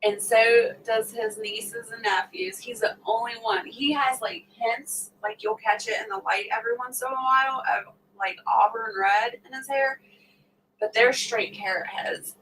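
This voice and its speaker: A middle-aged woman with a slightly high, somewhat bright voice speaks at a measured pace while hosting a laid-back livestream. She's chatty and laughing, acting out quoted talk for her audience. Her voice sounds a bit removed from the mic, with faint noise in the background.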